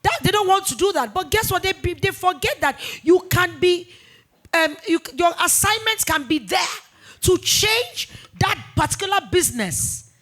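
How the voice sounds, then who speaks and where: High-voiced emphatic businesswoman. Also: moderate pace. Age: 40s. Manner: emphatic, animated storytelling with repetitions. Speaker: business founder and guest. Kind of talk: fireside chat interview.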